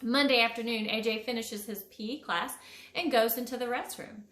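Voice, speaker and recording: A woman's voice: fairly high pitch, moderate pace, slight background noise. Encouraging woman author reading to children. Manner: warm, encouraging, expressive storytelling. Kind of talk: reading a picture book to schoolchildren. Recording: echoey room.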